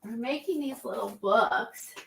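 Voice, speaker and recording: Woman, slightly breathless and stuffy, slow unhurried pace, rambling casual chat, lots of ums and restarts. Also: a little high, vocal fry, a bit bright, slight background noise. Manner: rambling, halting, many fillers and restarts. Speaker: guest showing art supplies. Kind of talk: casual chat on an art livestream.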